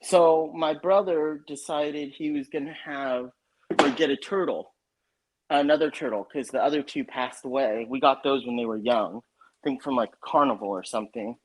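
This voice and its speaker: A man's voice: mid-range voice, normal speed. A man hosting a casual livestream chat, telling a story in a rambling way with many restarts. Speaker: stream host.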